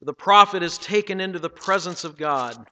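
A man preaching a sermon, reading scripture dramatically and swinging between loud passages and hushed ones. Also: high voice, expressive, normal speed, long reverb tail. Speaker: pastor.

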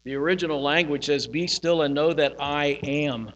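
A male pastor giving a sermon, teaching in a slow, reflective way and pausing on single words. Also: fairly high pitch, fairly bright tone, highs cut off. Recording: hall reverb with mains hum.

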